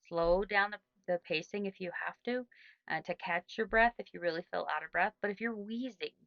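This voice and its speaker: A middle-aged woman coaching runners, talking casually and rambling through her answers with many restarts. Her voice sits a little low, and it is recorded close and dry. The sound is somewhat dull and muffled. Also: dry recording. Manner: chatty, rambling, frequent restarts and fillers. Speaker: running coach. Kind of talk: casual Q&A advice.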